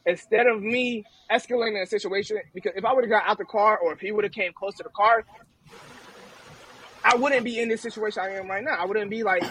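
A man co-hosting a podcast, telling a story in a loud, animated, profane way during a casual group chat. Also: sits high, fairly quick, a little hiss or hum, low-quality recording. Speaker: podcast co-host.

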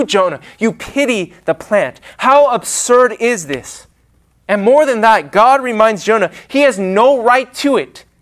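A man preaching a sermon, with a dramatic, emphatic delivery and pauses. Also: sits high, a bit bright.

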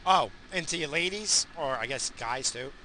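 A man in his forties ranting crudely from inside his car, yelling now and then at other drivers. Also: mid-range voice, slight background noise. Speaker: vlogger. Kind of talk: casual profane rant.

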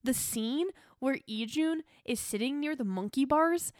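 Young woman gushing about a show, kinda high voice, dry close mic. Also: a little slow, no room sound. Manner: gushing, animated, quotes characters in voices. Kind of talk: casual chat reviewing a TV drama.

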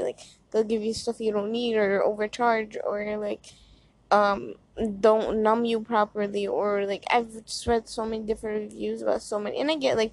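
Young woman host, slight gauze lisp, rambling story-time chat, mid-pitched voice. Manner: chatty and rambling, many fillers. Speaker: podcast host. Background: fan noise.

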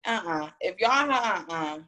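A woman's voice: lowish voice, expressive, normal speed, pushed and bright. A woman guest on a podcast talking in a blunt, teasing way and pressing hard for yes-or-no answers. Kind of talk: casual podcast debate.

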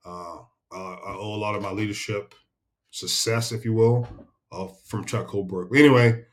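A man's voice: lowish voice, steady tone, normal speed. A middle-aged man, a retired senior military leader, is a podcast guest telling laid-back, salty war stories with frequent chuckles. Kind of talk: casual storytelling interview.

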